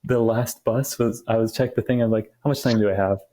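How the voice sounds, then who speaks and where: A man's voice: mid-range voice, fairly even intonation, fairly quick, dark tone. A young man co-hosting a podcast, telling a rambling story in casual chat with many restarts. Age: young adult. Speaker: podcast co-host.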